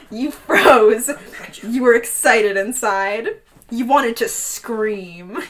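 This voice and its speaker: A woman's voice: medium pitch, unhurried. A woman co-hosting a podcast, reading fan fiction aloud and joking around. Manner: jokey, teasing. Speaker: podcast co-host.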